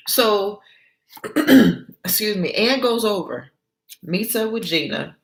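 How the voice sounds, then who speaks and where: A woman doing motivational storytelling in an animated way, with chatty asides to her viewers. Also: medium pitch, slow, long pauses.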